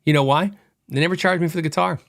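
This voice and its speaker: Chatty man with a fairly high voice telling a story. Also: fast talker, gravelly. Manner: chatty, animated retelling with quoted dialogue. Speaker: podcast host. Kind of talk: casual storytelling monologue.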